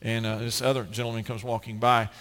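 A man's voice: mid-range voice, flat delivery, fast talker, fairly bright tone, long reverb tail. A man preaching a sermon as pastor, earnest and emphatic, often restarting his phrases.

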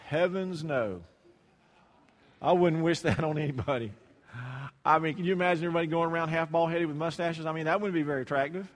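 A man's voice: fairly high pitch, fast, in a large hall. A man preaching a sermon in church, talking in a loose, conversational way, often repeating words and acting out the people in his stories. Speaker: pastor. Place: church hall.

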